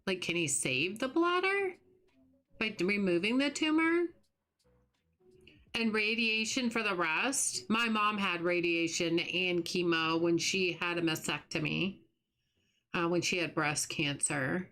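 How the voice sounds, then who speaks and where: A woman's voice: fairly low pitch, measured pace. A middle-aged woman hosting a livestream, chatting casually and sympathetically with her chat while she plays. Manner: warm, sympathetic, chatty with restarts. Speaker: livestream host.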